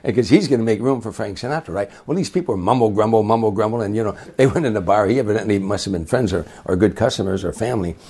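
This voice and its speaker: An older man, a comedian and guest, telling a long anecdote in a lively way, acting out the voices of the people in it. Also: lowish voice, rapid-fire, few pauses, slightly rough. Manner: lively storyteller who acts out other people's voices. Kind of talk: anecdotal storytelling.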